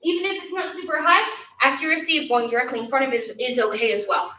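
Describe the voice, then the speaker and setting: A high-voiced woman leads a martial arts class, coaching and counting out each rep. She is heard on a camera mic from across a roomy space, with a dull, lo-fi sound. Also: quick pace, bright, forceful tone, far from the mic. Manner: upbeat, coaching, counts reps aloud. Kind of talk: online class instruction. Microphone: camera mic from a distance.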